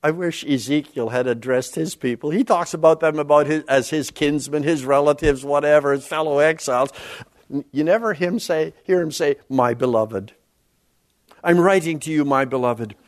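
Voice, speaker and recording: A man preaching a sermon, reading scripture aloud and commenting on it, with big swings in pitch between passages. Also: moderate pace. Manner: reads scripture aloud with sweeping rises and drops in pitch.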